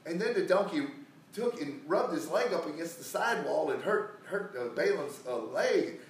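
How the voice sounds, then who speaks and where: A man's voice: on the high side, expressive, normal speed, a little hiss or hum. A man telling a Bible story in a casual, rambling sermon, full of restarts and acted-out quotes. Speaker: preacher. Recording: echoey room, recorded from a distance.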